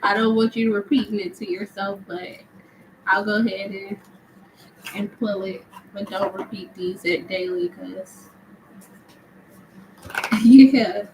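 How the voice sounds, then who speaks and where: A woman's voice: medium pitch, fairly even intonation, slow, pauses often, background noise. A young woman hosting a live tarot stream, chatty and laughing often as she answers viewers. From United States. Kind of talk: casual live-stream chat.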